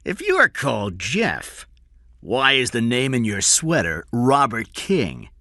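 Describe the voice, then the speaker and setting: A rough, bullying kidnapper barks his questions, put on by a male storyteller, the voice leaping sharply up and down. It sounds bright and edged, close and dry in a small dead space. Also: medium pitch, huge pitch swings, slow pace, no room sound, pitched above the performer's own voice, exaggerated voice. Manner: harsh, shouting and threatening.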